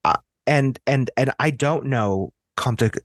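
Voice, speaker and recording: A man's voice: medium pitch, expressive, moderate pace, no room sound, clean studio sound. An American man speaking as a podcast guest in a casual discussion. He thinks aloud, chats freely and often restarts his sentences.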